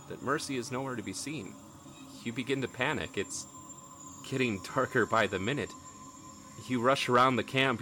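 A man's voice: medium pitch, sharp tone. A man narrating a tabletop role-playing game as game master, telling the story in dramatic second person.

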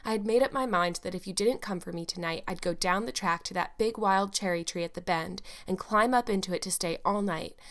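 A woman's voice: medium pitch, a little fast, few pauses, lightly acted. Anne, a chattering orphan girl, read by a woman. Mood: eager. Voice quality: clear, sweet voice. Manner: breathless, rambling, eager chatter. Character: chatty imaginative eleven-year-old orphan girl.

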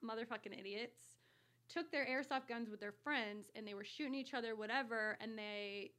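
Woman, podcast guest, bright ringing voice, animated storyteller, swears freely, studio. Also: fairly high pitch, moderate pace. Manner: animated, swears freely, laughs while telling. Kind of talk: casual storytelling.

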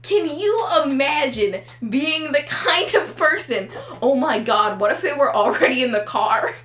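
A woman's voice: high voice, expressive, fairly bright tone, reverberant. A young woman co-hosting a podcast in casual chat, giggly and jokey. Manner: giggly, jokey, drawn-out delivery. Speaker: podcast co-host.

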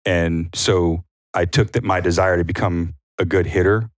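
A man's voice: fairly even intonation, moderate pace, dry recording, studio quality. A man co-hosting a podcast, chatting casually and telling stories, sometimes acting out what people said. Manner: storytelling, acts out quotes in a higher voice. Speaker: podcast co-host. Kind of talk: casual chat.

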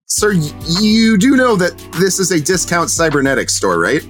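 A man's voice: sits high, sing-song, normal speed, a bit bright, faint music behind. A man voicing a young female shop clerk, polite and tired, with hesitant fillers.

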